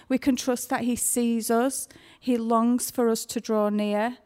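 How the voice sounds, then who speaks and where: Woman, tender devotional speaker, unhurried delivery, slightly high voice. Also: level tone, clean tone. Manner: gentle, emotional, slow and tender. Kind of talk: devotional sermon.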